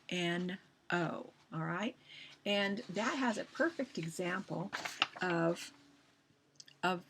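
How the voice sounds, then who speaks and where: A woman with a fairly low voice talks through a recorded lesson in a patient, chatty way. She often repeats words and restarts her sentences as she explains, and a faint room hum sits behind her. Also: a bit bright. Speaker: teacher.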